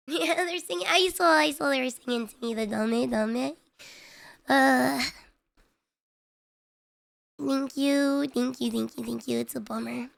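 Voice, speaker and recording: This high-pitched, gravelly female voice belongs to a streamer in a casual live-stream chat. Her talk wanders and is packed with fillers and self-deprecating remarks, and her frustration comes through clearly.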